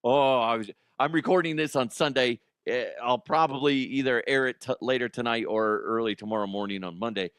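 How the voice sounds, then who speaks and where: A man's voice: medium pitch, brisk, few pauses, fairly bright tone, smooth, no echo, studio quality. A middle-aged man hosting a solo comedy podcast, rambling and self-mocking as he tells stories and laughs at his own jokes. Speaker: podcast host.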